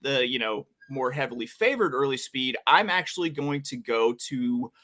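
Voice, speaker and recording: Bright-voiced man handicapping races. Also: medium pitch, lively intonation, moderate pace. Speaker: podcast co-host. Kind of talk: casual handicapping talk.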